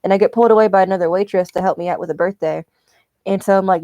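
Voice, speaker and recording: A woman chats casually as she knits, ranting and swearing freely. Her voice sounds mellow and dark. It is recorded dry and close, with no room sound. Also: fairly low pitch, steady tone, fast talker, no room sound, dull audio. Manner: profane, ranting storyteller. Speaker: streamer. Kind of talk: casual chat while knitting.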